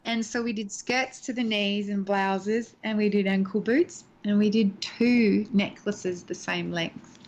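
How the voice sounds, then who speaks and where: A middle-aged woman, a guest actress, telling stories in a chatty, animated way in a casual interview from home. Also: medium pitch, unhurried, slight background noise. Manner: chatty, animated storyteller, laughs easily. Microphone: home video call. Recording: dull lo-fi call audio.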